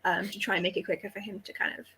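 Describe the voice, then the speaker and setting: A woman's voice: medium pitch, level tone, racing, a bit bright, a little hiss or hum. A young woman co-hosting a casual chat, telling stories in a rambling way full of fillers. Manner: rambling storyteller, lots of "like". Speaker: podcast co-host.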